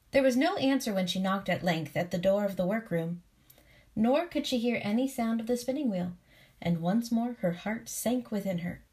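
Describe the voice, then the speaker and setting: A woman reads a classic children's story aloud with a soothing, unhurried calm. Her voice sits at a middle pitch and stays expressive as she moves between narration and characters. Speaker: storybook reader. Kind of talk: calm read-aloud storytelling with relaxation cues.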